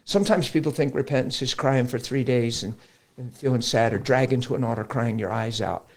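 A middle-aged man, a pastor, talking about faith in a lively conversational preaching style, acting out quotes as he tells stories. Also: mid-range voice, brisk, creaky. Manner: animated storytelling, acts out quotes. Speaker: pastor guest.

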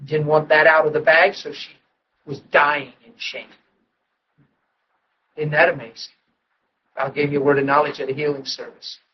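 A man with a high voice preaches his testimony, going from quiet asides to raised, emotional retelling. The recording sounds dull and a little distant from the mic. A faint hum of ambience sits behind him. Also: completely flat delivery, moderate pace, pauses often. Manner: emotional storytelling, swings from hushed to loud. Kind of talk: testimony sermon.

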